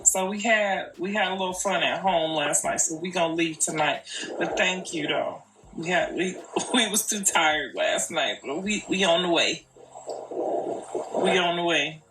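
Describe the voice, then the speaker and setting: An older woman, a grandmother, talks casually and earnestly on a live video, repeating herself in colloquial speech. Her lowish voice is a bit bright at a moderate pace, and the recording is echoey, distant, and noisy.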